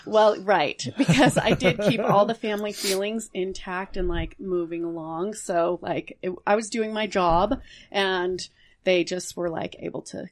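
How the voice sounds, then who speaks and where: A woman in her forties, a podcast guest chatting casually, laughing often and trailing off softly. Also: mid-range voice, fairly even intonation, measured pace, slight background noise. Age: 40s. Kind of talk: casual chat.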